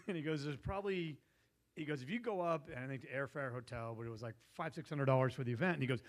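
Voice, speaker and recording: A man's voice: fairly high pitch, fast. A man telling a long, digressive story at a meetup, laughing often and losing his thread. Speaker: guest investor. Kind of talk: casual storytelling. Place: meetup room.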